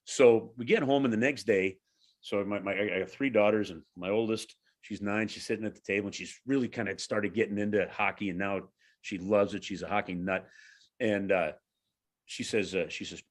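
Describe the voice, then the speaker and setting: On a casual podcast, a forties-aged hockey radio broadcaster recounts a story in a lively way, stopping and restarting as he goes. His voice is on the low side.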